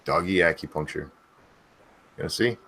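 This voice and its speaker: A man's voice: low-pitched, moderate pace, pushed and bright, slightly rough. A man hosting a casual online chat show, loose and rambling, thanking his audience and co-hosts. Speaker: podcast host.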